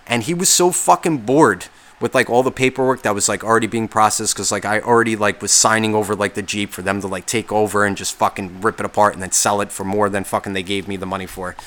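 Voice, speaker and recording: A man's voice: fairly low pitch, fairly quick, a bit bright. A man hosting a podcast, telling a story as a casual rant, swearing constantly and sounding exasperated and sarcastic. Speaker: podcast host.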